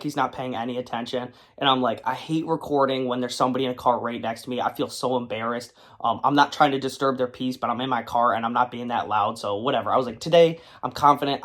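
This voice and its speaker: A young man spins a casual, rambling story from his car, leaning on fillers and restarts. He acts out the other people's lines as he goes. His voice sits at an everyday middle pitch. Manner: rambling, animated anecdote with many fillers. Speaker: comic collector and video creator. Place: his car, in a parking lot.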